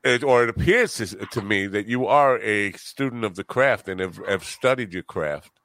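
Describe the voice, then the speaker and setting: A man's voice: lowish voice, expressive, normal speed, fairly bright tone, no room sound. A man with a Long Island New York accent, hosting a casual chat and talking in a rambling, thoughtful way. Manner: rambling, thoughtful, with restarts and a dropping tone.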